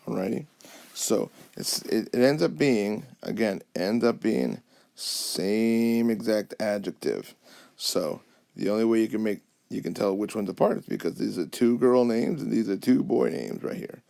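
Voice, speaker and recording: This man's voice is lowish and mellow with some vocal fry, and he keeps a measured pace. He's teaching a Spanish lesson over a whiteboard app, patiently checking that students follow with frequent "okay?" and "alrighty?". A tablet mic picks him up through the app.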